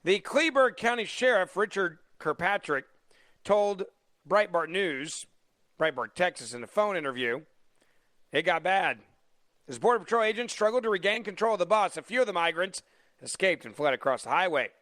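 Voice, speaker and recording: Radio guy subbing as host, kinda high voice, sarcastic, dry studio sound. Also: normal speed, no echo. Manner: sarcastic, mocking, animated. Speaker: fill-in radio talk show host. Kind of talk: opinionated talk radio monologue. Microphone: studio microphone.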